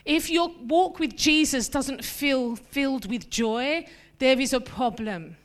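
A woman preaching a sermon in a lively, conversational way, mixing scripture with humorous personal asides. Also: sits high, takes it slowly.

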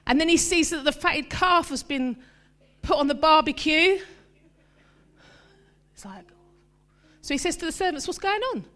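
A woman preaching a sermon in a lively, conversational way, mixing scripture with humorous personal asides. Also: high voice, a little slow, long pauses.

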